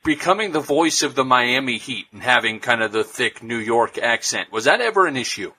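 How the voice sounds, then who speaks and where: A man from the upper Midwest, a podcast host asking his guest curious questions in a relaxed way. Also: medium pitch, a little fast, a little hiss or hum. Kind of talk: casual interview questions.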